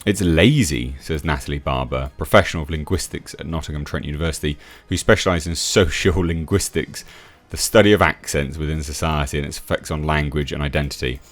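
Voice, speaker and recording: A man's voice: rumbling low, a little fast, few pauses. A man from England, reading out an article and mocking it in opinionated commentary, laughing and restarting often. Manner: scoffing, laughs at what he reads, many restarts. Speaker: YouTube reviewer.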